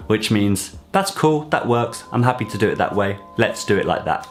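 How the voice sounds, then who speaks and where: A man teaching an online language lesson, explaining clearly and repeating example phrases slowly. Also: on the low side, soft background music. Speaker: French teacher.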